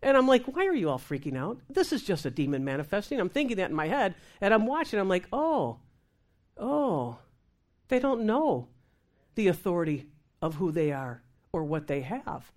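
A woman minister telling a lively testimony in conversation, acting out the voices of the people in her story and laughing as she goes. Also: lowish voice, moderate pace. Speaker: Christian minister. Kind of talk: testimony talk show conversation.

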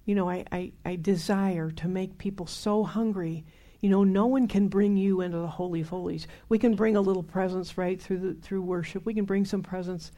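Mellow-voiced older woman preaching. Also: medium pitch. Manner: conversational, emphatic, repeats herself for stress. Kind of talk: sermon.

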